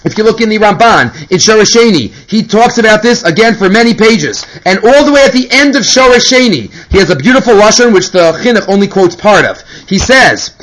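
A man giving a Torah lesson, moving quickly between Hebrew quotes and his own explanations in an animated way. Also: high-pitched, poor audio. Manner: animated, mixes Hebrew and English. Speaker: Torah teacher. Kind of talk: Talmudic lecture.

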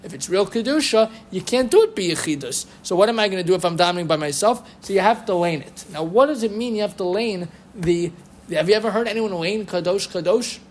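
A man giving a lively lecture on Jewish law, quoting rabbinic sources and chanting Hebrew phrases. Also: high voice, fairly quick. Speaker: Torah teacher. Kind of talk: halachic lecture.

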